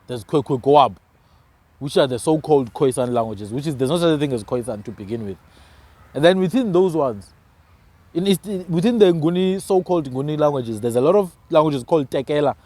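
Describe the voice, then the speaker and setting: A high-pitched South African man talks with real force, punching his points home and tagging "man" onto his phrases. The sound is dry and close, with no room echo. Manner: emphatic, animated, ends phrases with "man". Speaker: podcast host. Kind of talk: casual discussion.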